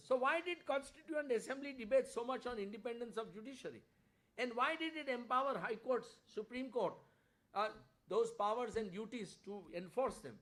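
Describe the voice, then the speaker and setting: A man's voice: high-pitched, a bit bright. An older man with an Indian English accent giving an impassioned public lecture in a conference hall, reading quotations aloud with rising emphasis. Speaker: lecturer, senior lawyer.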